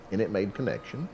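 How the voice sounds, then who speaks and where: A man's voice: fairly low pitch, darkish tone, a little hiss or hum. A middle-aged man who hosts a gaming channel, telling a rambling story about himself over gameplay, folksy and chuckling often.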